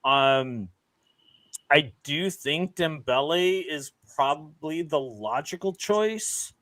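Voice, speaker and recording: A man's voice: on the high side, lively intonation, slow pace, a bit bright, dry recording. A man co-hosting a football fan show in casual talk, hesitant, with many ums and restarts. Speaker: co-host.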